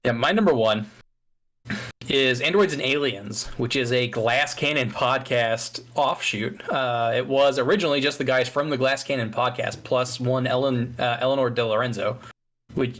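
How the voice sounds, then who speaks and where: A man's voice: medium pitch, moderate pace, fairly bright tone. A man co-hosting a podcast in casual chat, easygoing, with fillers and restarts. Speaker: podcast co-host.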